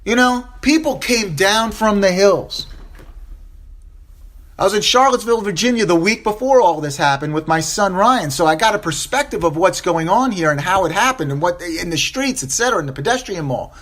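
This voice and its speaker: A man's voice: high voice, lively intonation, normal speed, a bit bright. A man hosting a solo opinion podcast, upset and impassioned, repeating phrases for emphasis and stumbling over restarts. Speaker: podcast host.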